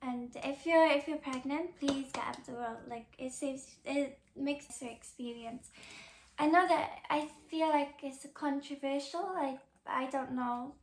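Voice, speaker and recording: A woman's voice: high voice, a little slow, reverberant, a little hiss or hum. A young woman hosting a podcast, chatting casually and rambling with lots of filler words and restarts. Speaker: podcast host. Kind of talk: casual chat.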